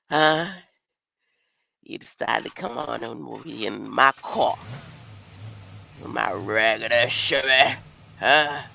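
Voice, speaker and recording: A woman's voice: a bass voice, vocal fry, pushed and bright. A woman casually chatting with viewers on a livestream from inside her car, playful and laughing often. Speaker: livestream host. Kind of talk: rambling casual livestream chat.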